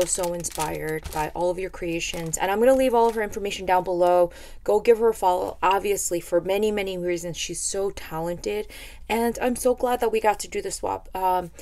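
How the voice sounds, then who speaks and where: A woman's voice: fairly low pitch, darkish tone, a little hiss or hum. A woman hosting a craft vlog, gushing and rambling as she unboxes a package of handmade gifts. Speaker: craft video host. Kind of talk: casual unboxing chat.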